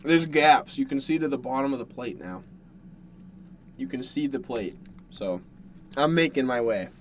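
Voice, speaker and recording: A young Canadian man streams from a dark bedroom, eating a plate of food while rambling casually to his viewers. His voice is medium in pitch at a normal speed, with a slight hiss or hum in the audio.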